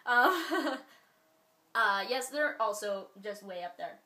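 A Canadian woman vlogging in a loose, rambling chat, filling her talk with likes and ums and breaking into giggles. Her voice is bright and fairly high. The room around her is roomy, with a noticeable echo. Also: lively intonation, takes it slowly. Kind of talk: casual chat.

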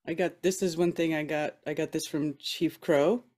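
A woman's voice: deep voice, steady tone, moderate pace, darkish tone. A woman co-host chatting casually, mostly reacting with short questions. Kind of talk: casual chat.

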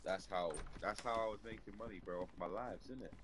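A man, chatting casually on a live stream in slang and with swearing, coughing and feeling rough. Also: on the low side, brisk, background noise. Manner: slangy, swearing, says bro a lot. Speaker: fellow streamer.

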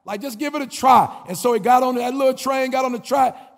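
A man giving a commencement speech, preaching in repeated refrains that build to shouts. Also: very high-pitched, brisk, vocal fry, hardly any pauses, in a large hall. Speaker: commencement speaker. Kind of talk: motivational speech.

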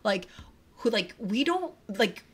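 A woman streamer reacting live in a casual, excitable way, swearing a lot and filling her talk with "like". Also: mid-range voice, measured pace. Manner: gushing and excitable, swears a lot, full of "like" fillers. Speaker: streamer reacting to a music video. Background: music from the video playing.

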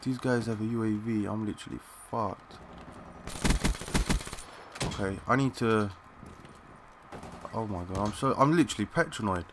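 Excitable young man narrating his gameplay. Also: lowish voice, normal speed, pauses often, background noise. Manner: excitable, swears, talks to teammates in slang. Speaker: gaming channel host. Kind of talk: live gameplay commentary.

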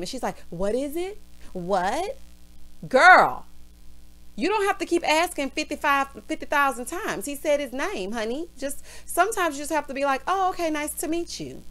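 Woman, recap host, sassy and animated, highish voice. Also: normal speed. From Southern US. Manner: sassy, calls everyone honey and girl. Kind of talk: casual recap rant.

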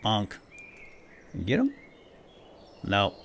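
A man hosting a let's play, excitable and swinging between loud outbursts and hushed whispers as he narrates his game. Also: fairly low pitch, extremely slow. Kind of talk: gameplay commentary.

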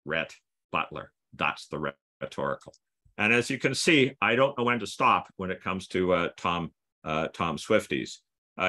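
An older man presents wordplay over a video call. His voice sits on the low side but has a bright, forceful edge. He lifts the punchlines with playful emphasis. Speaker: guest presenter.

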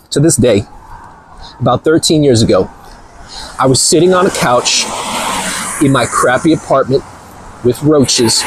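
Energetic husky man, lively pitch. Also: poor audio. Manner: energetic, rambling, emphatic. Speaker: channel host. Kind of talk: motivational vlog talk. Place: gym. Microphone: clip-on body mic.

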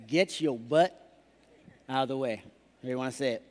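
A man preaching a lively sermon as pastor, joking and putting on voices to act out excuses. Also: mid-range voice, moderate pace. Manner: playful, acts out excuses in put-on voices. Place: large church hall. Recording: live church hall reverb.

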